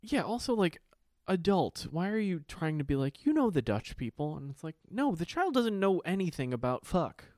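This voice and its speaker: A man co-hosting a casual podcast chat, profane and animated, slipping into quoted voices. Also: sits high, moderate pace, no room sound, studio quality. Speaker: podcast co-host.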